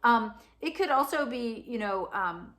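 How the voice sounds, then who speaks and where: A woman's voice: on the high side, expressive, unhurried, a bit bright. Chatty woman giving a forecast. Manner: chatty, many fillers and "right?" asides. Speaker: astrologer. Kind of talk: casual spoken forecast to camera.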